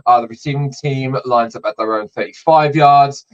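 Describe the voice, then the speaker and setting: Male podcast host, relaxed chatty delivery full of fillers; middling voice, dull recording. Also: medium pitch, normal speed. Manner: explains rules with many fillers. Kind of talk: casual sports podcast chat. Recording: slightly dull lo-fi audio.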